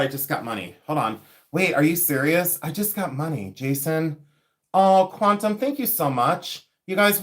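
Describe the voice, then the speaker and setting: A man's voice: a little high, fairly bright tone. A man hosting a live jewelry unboxing stream, chatting casually and joking about himself. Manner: chatty, self-mocking, laughs often. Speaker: livestream host selling vintage jewelry.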